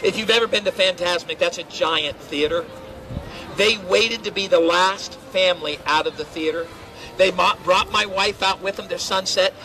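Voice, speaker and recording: A loud, teasing middle-aged man with a fairly high voice entertains a waiting crowd outdoors at a theme park. He tells stories and jokes through a handheld voice amplifier. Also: normal speed, a little hiss or hum, poor audio. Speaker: theme park crowd-control cast member. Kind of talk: pre-show crowd warm-up storytelling.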